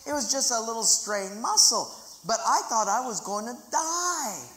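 Speaking a little slowly, a pastor with an expressive, pushed, bright medium-pitched voice preaches dramatically in a large church auditorium. He leads a group reading of scripture, and the space gives long, echoey reverb.

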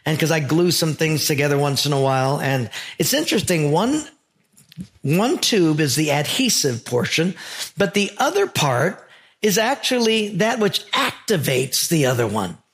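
A pastor preaching in a gravelly, slightly high voice. He is earnest and emphatic, leaning on stories and repetition to press his message. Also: sing-song, moderate pace, a bit bright. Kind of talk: sermon.

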